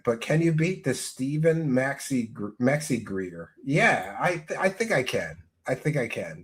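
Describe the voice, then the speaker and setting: A man hosting a livestream, talking in a profane, mocking comedic way and often breaking into shouts. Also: medium pitch. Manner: loud, mocking, swings into shouting. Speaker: livestream host.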